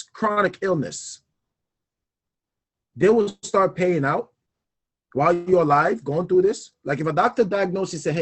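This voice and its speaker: A man's voice: on the high side, slightly rough. A young man hosting a personal finance talk show, speaking animatedly and emphatically, laughing often and repeating key points. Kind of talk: casual solo talk on money.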